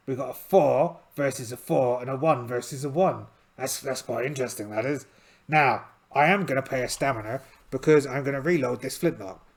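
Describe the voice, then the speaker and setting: A man narrating a solo tabletop game in a chatty, self-amused way, adding playful asides as he rolls dice. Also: mid-range voice.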